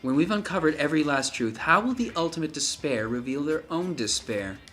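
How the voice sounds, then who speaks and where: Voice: medium pitch, lively intonation, a little fast, a bit bright, faint music behind. A let's play host reading game dialogue aloud, with jokey asides between lines.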